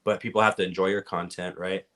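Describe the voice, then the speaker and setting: A man with a Californian accent, a podcast guest calmly explaining things at length in casual conversation. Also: deep voice, fast talker. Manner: relaxed, explanatory, giving advice at length. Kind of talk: casual interview chat.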